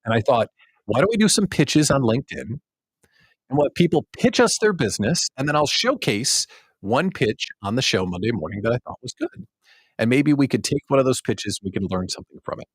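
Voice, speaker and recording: Husky, lively-voiced male show host. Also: mid-range voice, brisk, no echo. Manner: animated storyteller, self-mocking, acts out his own past thoughts. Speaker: host of a small business show. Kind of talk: casual livestream monologue.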